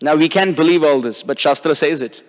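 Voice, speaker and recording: High-voiced man preaching in a hall. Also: a little fast. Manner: chanting Sanskrit verses, drawing out syllables. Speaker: visiting preacher. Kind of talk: devotional sermon. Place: temple hall.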